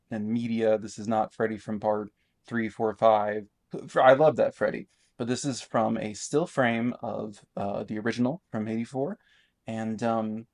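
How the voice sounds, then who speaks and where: A man's voice: mid-range voice, darkish tone. A man casually narrating a voice-over for his painting time lapse, rambling and self-deprecating as he explains his process.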